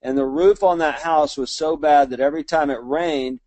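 A man's voice: fairly high pitch, steady tone, moderate pace, darkish tone, no echo. A man in his fifties from Alabama, speaking with a Southern accent and giving a motivational talk as a small business owner, folksy and self-deprecating. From Mobile, Alabama. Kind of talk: motivational storytelling speech.

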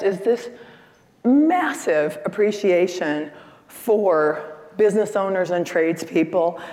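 A woman in her sixties giving a lively, chatty seminar talk and questioning the audience from the stage. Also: medium pitch. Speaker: seminar speaker. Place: conference hall stage. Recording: echoey hall.

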